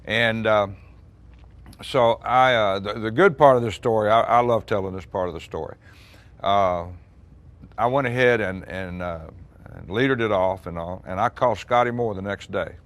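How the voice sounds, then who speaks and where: Older man, low voice, relaxed anecdotal storytelling, chatty, musician. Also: normal speed. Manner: chatty, acts out quoted dialogue, frequent restarts and laughs. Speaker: musician recounting a recording session.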